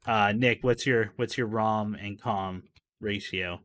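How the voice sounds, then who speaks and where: Man, podcast co-host, bright voice, animated laughing storyteller, casual swearing. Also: fairly low pitch, takes it slowly. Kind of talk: casual movie-review chat.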